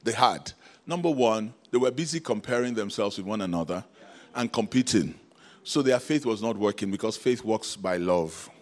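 A man's voice: lowish voice, expressive, normal speed, a little mellow. A man preaching a sermon, calling out to the congregation with rhetorical questions and frequent laughs. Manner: laughs often between points.

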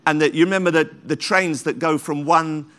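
A man pastor, preaching fervently in church. His voice sits a little higher than most men's, and he leans on repeated calls of praise as he builds his sermon. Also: steady tone, moderate pace, fairly bright tone, smooth. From London, England.

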